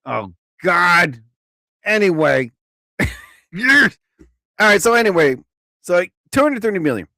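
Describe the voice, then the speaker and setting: Chuckling at his own gags, a man rambles through an animated monologue on a live comedy stream. His pitch sits fairly high and rises and falls widely, and he speaks at a measured pace with frequent pauses. The audio is dry and up close, carrying no room sound.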